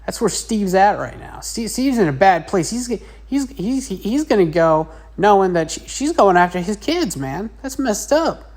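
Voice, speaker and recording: A woman's voice: mid-range voice, sing-song, moderate pace, hardly any pauses, a little mellow. A woman teacher narrating a casual drawing lesson in a chatty, rambling way. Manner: chatty, rambling, with many fillers.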